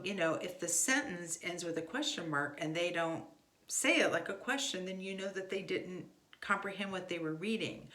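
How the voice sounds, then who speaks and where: Woman, lowish voice, casual parenting lesson, filler-heavy, echoey room. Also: fairly bright tone. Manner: conversational, frequent fillers and restarts. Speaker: homeschool teaching parent. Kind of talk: casual instructional talk.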